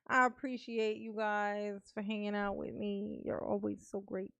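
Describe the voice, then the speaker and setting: Slow-talking playful woman livestream host. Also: medium pitch, level tone, vocal fry, fairly bright tone, muffled recording, a little hiss or hum. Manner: playful, laughs often, teasing; affectionate with viewers, calls herself Mama. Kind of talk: casual live-stream commentary.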